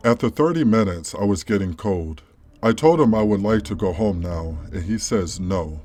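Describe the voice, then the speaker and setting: A man calmly reading a first-person story as a scripted narration. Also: fairly low pitch. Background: faint background music.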